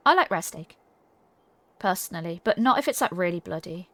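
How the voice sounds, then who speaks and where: A woman's voice: mid-range voice, animated, normal speed, fairly bright tone, dry recording. A woman streamer chatting casually and rambling while playing a game, reading her chat aloud.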